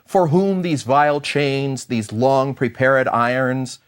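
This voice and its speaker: A middle-aged man giving a university history lecture, with animated, theatrical emphasis and playful asides. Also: mid-range voice, slow pace, smooth. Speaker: history professor.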